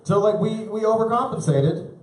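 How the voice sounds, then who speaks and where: A man in his thirties doing live stand-up comedy on a club stage, rambling and self-deprecating, with halting restarts. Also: high voice, a little mellow. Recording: roomy live club recording.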